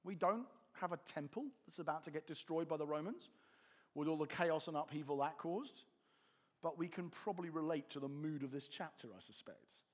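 Animated high-voiced preacher. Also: male voice, fairly quick. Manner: animated, builds to emphatic peaks. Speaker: pastor. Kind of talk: sermon.

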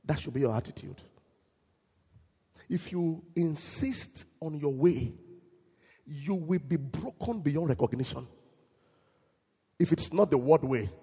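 A man preaching a sermon in church, animated and quizzing his congregation. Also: a little high, takes it slowly, pauses often, breathy edge, long reverb tail. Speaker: pastor.

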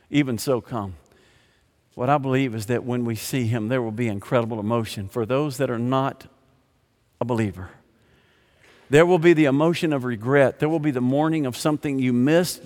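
A man's voice: mid-range voice, normal speed, a little mellow. An older man preaching a sermon as pastor, impassioned and emphatic, posing rhetorical questions and answering them. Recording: long reverb of a large hall.

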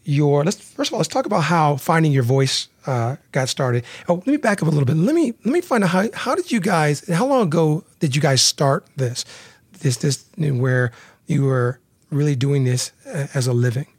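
A man's voice: a little high, expressive, normal speed, slightly rough, dry recording. Male host, earnest and stop-start, close dry sound. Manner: earnest, repeats words often. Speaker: podcast host. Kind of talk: casual interview talk.

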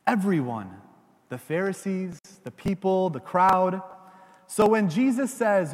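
A male preacher giving a homily to children and parents in a church, animated and often asking the congregation questions. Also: high voice, a little slow, long reverb tail.

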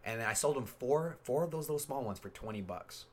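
A man's voice: medium pitch, expressive, fairly quick. A young man hosting a podcast, telling stories in a laid-back, slangy way and laughing often. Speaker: podcast host. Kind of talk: casual chat.

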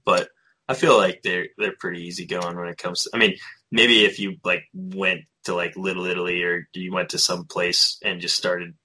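A man co-hosting a podcast in casual chat, laid-back and quick to laugh. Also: low-pitched, flat delivery, pushed and bright, breathy edge. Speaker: podcast co-host. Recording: home room, dogs and dripping audible.

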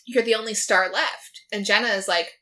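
A woman's voice: mid-range voice, fairly even intonation, moderate pace, bright, forceful tone. A young woman in casual chat, recapping a TV episode in a filler-heavy way and quoting the characters in her own voice. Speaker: podcast co-host.

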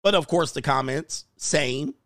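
A man's voice: a little high, a little slow, a bit bright, no room sound, clean studio sound. A man hosting a reaction commentary show, talking in a crude, joking, mocking way.

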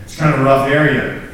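A young man with a mid-range voice gives a sermon at a student group meeting, telling a story earnestly and at his own expense, laughing at himself and repeating or restarting words in excitement. A little hiss or hum sits under the audio, recorded from a distance in a large, very echoey room full of students.

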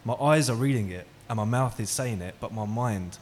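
A man's voice: medium pitch, moderate pace, slight background noise. A man giving an interactive talk, asking the audience questions and telling stories. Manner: engaging, asks the audience questions. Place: hall with an audience.

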